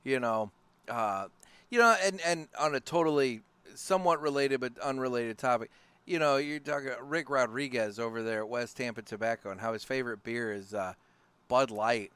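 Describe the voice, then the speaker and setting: A man's voice: mid-range voice, moderate pace, clear, resonant tone, no room sound. A male podcast host from the St. Louis area, chatting casually and telling loose anecdotes in a studio. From St. Louis area, USA. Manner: relaxed and laughing easily, with loose anecdotes. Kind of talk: casual chat.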